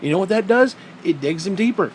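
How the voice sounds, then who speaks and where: High-voiced man ranting bluntly. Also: lively intonation, a little fast, a little hiss or hum, poor audio. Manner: blunt, profane, repeats points for emphasis. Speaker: vlogger. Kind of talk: heated ranting commentary.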